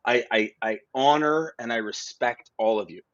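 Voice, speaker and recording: A man, a guest in a casual podcast conversation, talking in an animated storytelling way with frequent restarts. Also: medium pitch, moderate pace, lo-fi sound. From Canada. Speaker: guest, freight broker.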